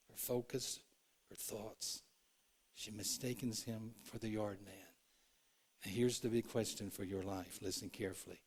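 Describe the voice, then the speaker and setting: A man preaching a sermon in a church, earnest, moving between loud and hushed, acting out the quotes he tells. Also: lowish voice. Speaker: pastor. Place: church sanctuary.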